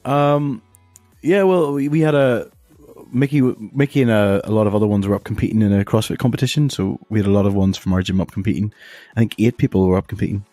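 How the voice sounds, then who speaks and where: A young man chats on a podcast, his voice low and relaxed. He rambles and jokes easily, recorded close and dry with faint music underneath. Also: fast talker, dry recording. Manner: jokey, rambling, laughs often. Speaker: podcast co-host. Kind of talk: casual chat.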